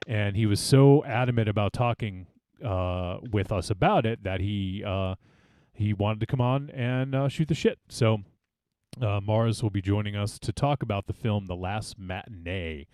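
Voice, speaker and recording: A man's voice: lowish voice, unhurried, dark tone, clear, resonant tone, no echo, clean studio sound. A man hosting a horror film podcast, chatting loosely with friends, joking and swearing, with many fillers. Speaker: podcast host. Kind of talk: casual chat.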